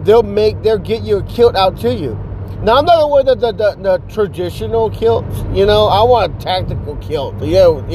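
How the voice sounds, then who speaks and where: A man rambling casually to the camera outdoors at night, full of restarts, fillers and swearing. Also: sits high. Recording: faint outdoor traffic noise.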